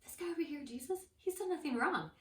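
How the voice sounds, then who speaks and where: A woman's voice: medium pitch, expressive, normal speed, recorded from a distance, lightly acted. A woman voicing a bewildered male Roman ruler in a children's Bible story, pleading and asking disbelieving questions. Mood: incredulous. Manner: exclaiming, incredulous questions. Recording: echoey room, voice off-mic.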